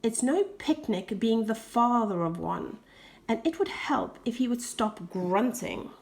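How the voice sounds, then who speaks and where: A woman's voice: on the high side, lively intonation, a little slow, gravelly. A woman reading aloud voicing a dry, grumbling father in a children's story. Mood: wry.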